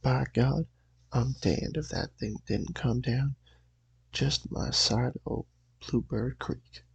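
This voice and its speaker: A man playing a simple-minded, stubborn country fellow in an attempted Southern accent, raspy and folksy. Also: mid-range voice, slow, whispered, full character voice, low-quality recording. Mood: amazed.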